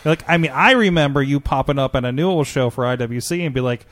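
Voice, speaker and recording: A man hosting a podcast, asking questions in a relaxed, casual way. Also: medium pitch, quick pace. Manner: relaxed questioner with frequent short backchannels. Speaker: podcast host. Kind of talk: casual interview chat.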